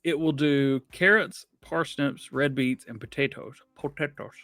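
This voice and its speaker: A man's voice: medium pitch, a little slow, pushed and bright, dry recording, studio quality, faint music behind. A man co-hosting a casual gaming podcast, chatty and rambling, laughing often. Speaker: podcast co-host.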